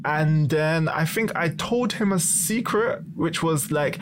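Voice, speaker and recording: A young man telling a story in casual chat, animated and swearing freely. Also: sits high, normal speed, hardly any pauses, a little hiss or hum. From London.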